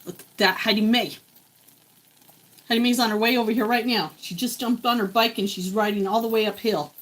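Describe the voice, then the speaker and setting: A woman's voice: a little high, fairly even intonation, brisk, rough recording. A woman in her forties chatting casually with viewers as she cooks breakfast in her home kitchen, often talking to herself. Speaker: vlogger. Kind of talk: casual chat while cooking. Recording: faint kitchen sizzle behind.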